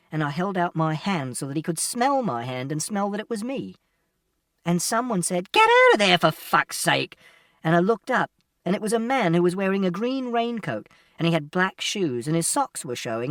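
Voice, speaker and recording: A man's voice: high-pitched, dry recording, clean studio sound, recorded from a distance. A man reading a first-person audiobook as a teenage boy, in a literal, matter-of-fact, detailed manner. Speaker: audiobook narrator.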